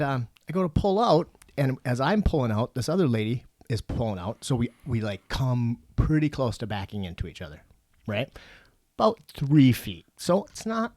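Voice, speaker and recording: Man, podcast co-host, casual chat, swears a lot, lively storytelling, middle pitch. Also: no room sound, studio quality. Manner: profane, animated storyteller.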